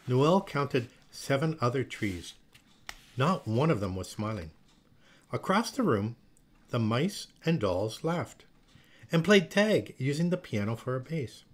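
A man reads a children's storybook aloud at an unhurried, gentle pace. His pitch rises and falls a great deal as he tells the tale. The reading is expressive and easy to follow. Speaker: storybook reader.

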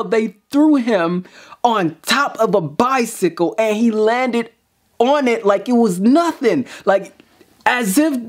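A man hosting a reaction video, talking in an excited, slangy way and tripping over his own restarts. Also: a little high.

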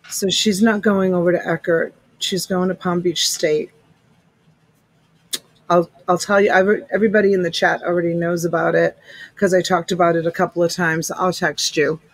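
A middle-aged woman hosts a live-stream resale, chatting casually, greeting viewers by name and calling them honey and sweetheart. Her voice is fairly low and flat, her pace measured. The recording, made on a USB desk mic, is rough but has no echo.

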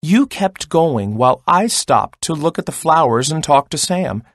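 A man voicing a humble young rabbit in a children's storybook, speaking slowly and sheepishly. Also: a little high, animated, dry recording, clean studio sound. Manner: slow, sheepish.

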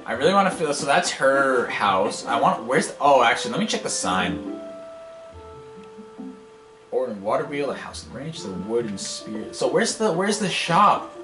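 A man's voice: mid-range voice, big pitch swings, normal speed. A man giving casual, rambling gameplay commentary as a let's play host, impatient and wisecracking. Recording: echoey room, game music behind.

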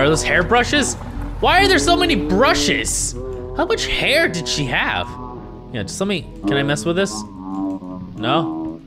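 A young man commenting on a horror game he is playing, sarcastic and swearing, jumping between low mutters and startled yelps. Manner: jumpy, sarcastic and profane, swinging from muttering to yelps. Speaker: gaming video host. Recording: faint music behind the voice.

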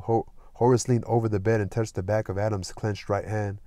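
A man reading a classic novel aloud as an audiobook narrator, in a plain steady way. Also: on the low side, a little fast, no room sound, clean studio sound. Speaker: audiobook reader. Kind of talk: scripted narration with light character voicing.

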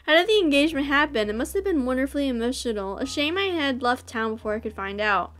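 A woman reading the lines of a courteous young male wedding planner in a visual novel, in a measured, formal manner. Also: high-pitched, animated, a bit bright. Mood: polite.

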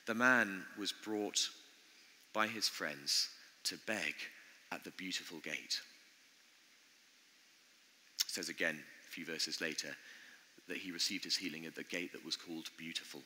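A man preaching a sermon in an earnest, conversational way, pausing often as he speaks in a church. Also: sits low, sharp tone, a little hiss or hum. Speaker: pastor. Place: church building. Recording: long church reverb.

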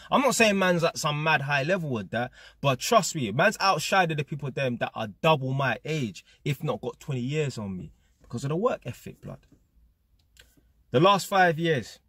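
A man's voice: fairly high pitch, a bit bright, breathy edge, no room sound, studio quality. A young man with a London accent talking straight to his viewers in a casual, blunt motivational monologue, peppering his talk with slang. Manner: London slang, blunt and emphatic, repeats "blood" and "fam". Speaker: vlogger.

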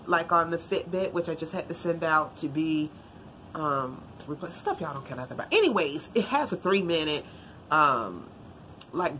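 A woman's voice: deep voice, slight background noise. A woman vlogger chatting casually while unboxing gifts, a bit congested and tiring easily. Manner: chatty, animated, Southern-style "y'all" talk.

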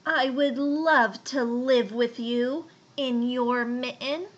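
A woman voicing an eager male rabbit who speaks up loudly and brightly. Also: on the high side, slow pace, dull audio.

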